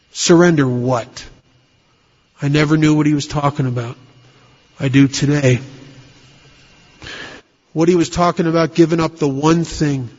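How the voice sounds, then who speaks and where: A man telling his recovery story to a meeting in a blunt, conversational, self-mocking way, with rough everyday grammar. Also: a little high. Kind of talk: personal recovery story told to an audience. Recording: dull lo-fi recording in a reverberant hall.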